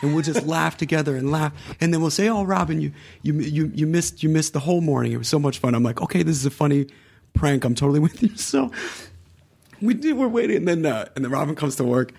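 A gravel-edged male voice, trailing into vocal fry, tells showbiz stories in a loose conversational chat. He is in his forties and jumps up in pitch to act out what others said, laughing as he goes. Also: fast talker. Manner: lively storyteller, acts out quotes with raised pitch and laughs. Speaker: podcast guest, actor. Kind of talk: casual anecdotal chat.

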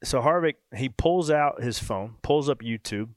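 A man in his thirties, co-hosting a podcast and telling a racing story in a casual, animated way. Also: mid-range voice, a little slow, no echo. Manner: animated storyteller, acts out quoted voices. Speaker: podcast co-host and race driver.

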